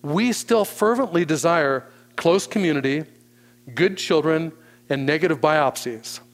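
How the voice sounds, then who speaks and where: A man preaching a sermon as pastor, teaching slowly and deliberately with emphatic pauses. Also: a little high.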